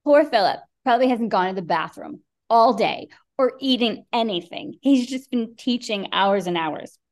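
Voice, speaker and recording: A middle-aged woman guest on a podcast, telling a story in a lively way, acting out quotes and swearing freely. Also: a little high, moderate pace. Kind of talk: animated storytelling.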